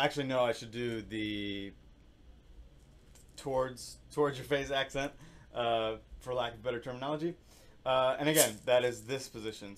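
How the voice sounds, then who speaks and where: A man teaching percussion in a casual, relaxed way, thinking aloud and singing rhythms with syllables. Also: medium pitch. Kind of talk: casual instructional demonstration.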